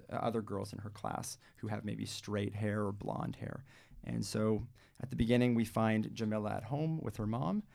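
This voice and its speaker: A man co-hosting a community radio show about children's books. His voice has a gravelly, creaky texture. He talks loosely and hesitantly, full of ums and restarts. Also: on the low side, darkish tone. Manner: hesitant, many fillers and restarts. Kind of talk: casual chat and reading aloud.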